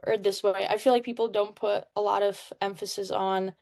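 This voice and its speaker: A woman's voice: medium pitch, little pitch movement, moderate pace, creaky, darkish tone. Young Czech-born woman, twenties, upbeat and chatty, casual interview guest. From Czech Republic. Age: 20s. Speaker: guest, hockey player.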